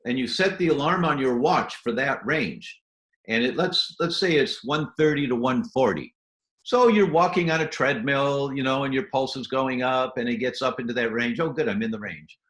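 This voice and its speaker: An echoey room carries the mid-range, fairly bright voice of a man talking at normal speed as a guest doctor. His animated health advice goes step by step, delivered with enthusiasm and the odd acted-out scene using quoted voices.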